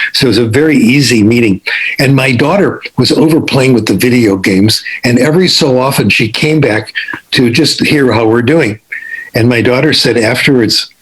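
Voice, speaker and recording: An older man with a husky voice, giving a relaxed, anecdotal lecture on language learning with asides and restarts. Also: mid-range voice, rough recording. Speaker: linguistics lecturer. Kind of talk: storytelling lecture.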